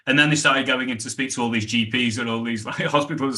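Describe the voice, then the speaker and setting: A middle-aged British man, a sales trainer, telling animated stories in a podcast interview and acting out the dialogue. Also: mid-range voice, a little fast, few pauses. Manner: animated anecdotes, acts out quoted dialogue.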